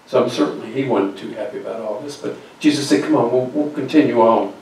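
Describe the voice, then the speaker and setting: Talking fast in a medium-pitched, darkish voice, a man preaches a Bible story as a guest speaker. This storytelling sermon takes place in a church sanctuary with heavy echo, the mic far away. He voices the characters he quotes and sometimes sinks to near whispers.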